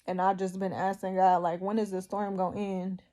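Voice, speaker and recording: A woman giving a personal faith testimony, emotional and tearful, speaking haltingly with long pauses. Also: medium pitch, little pitch movement, dark tone.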